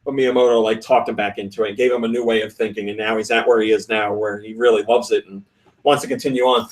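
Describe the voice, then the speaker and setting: A man hosting a casual podcast, reading listener comments and retelling stories in an animated way, often laughing. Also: on the low side, fast, far from the mic. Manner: animated storytelling with frequent laughs; reads listener comments aloud. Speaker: podcast host.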